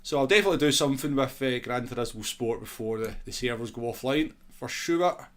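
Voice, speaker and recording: A man's voice: mid-range voice, animated, fairly quick, a bit bright. Chatty Scottish man streaming a racing game. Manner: chatty, reads and answers chat while racing. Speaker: gaming streamer. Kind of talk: casual livestream chat. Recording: racing game car noise underneath. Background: engine and car sounds from the game.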